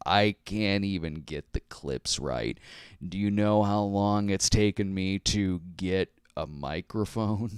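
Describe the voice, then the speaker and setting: A man's voice: deep voice, clean tone, no room sound, clean studio sound. A man hosting a casual livestream chat, rambling and self-deprecating, full of fillers and restarts, talking into a handheld microphone. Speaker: host.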